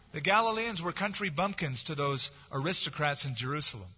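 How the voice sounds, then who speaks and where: A man preaching a sermon, swinging from forceful, dramatic lines to soft, hushed ones. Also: on the high side, fairly quick, hardly any pauses, husky. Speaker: pastor. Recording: dull lo-fi sound with long hall reverb.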